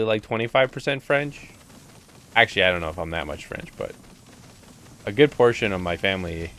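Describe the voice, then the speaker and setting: A man's voice: lowish voice, sharp tone. A man casually commenting on his live playthrough of a video game, rambling and chatty, often reading the game's lines aloud. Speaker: gaming streamer.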